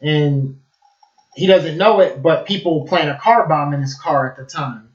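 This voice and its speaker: A man's voice: on the high side, unhurried, reverberant, highs cut off. A man giving a casual, enthusiastic film review, rambling with lots of fillers.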